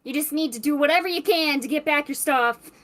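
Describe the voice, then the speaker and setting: A woman voicing a goofy jokester man who plays at being everyone's father, loud and teasing. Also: sits high, a little fast. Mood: mock-paternal. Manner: loud, teasing, mock-paternal.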